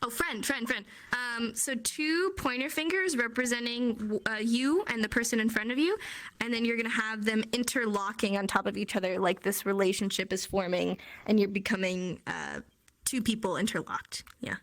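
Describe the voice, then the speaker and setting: A woman's voice: fairly high pitch, normal speed, fairly bright tone. A young woman casually teaching a sign language class online, chatty with many fillers and frequent laughs.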